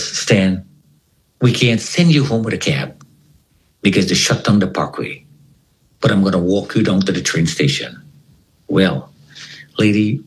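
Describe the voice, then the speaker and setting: A man's voice: lowish voice, poor audio. A man telling a dramatic personal story as a guest in an interview, acting out the voices of the people in it. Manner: animated storyteller who acts out the voices of people in his story.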